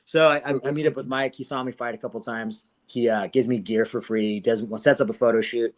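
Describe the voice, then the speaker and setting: A man's voice: mid-range voice, fairly even intonation, brisk. A man in his forties from Southern California, a guest fighter telling stories in a casual interview, laid-back and slangy, laughing often as he acts out what people said. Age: 40s.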